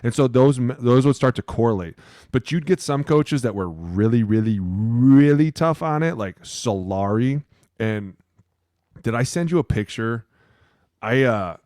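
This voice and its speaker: A man co-hosting a football podcast, a former lineman telling stories in animated, profane casual chat. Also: mid-range voice, normal speed, dry recording, clean studio sound.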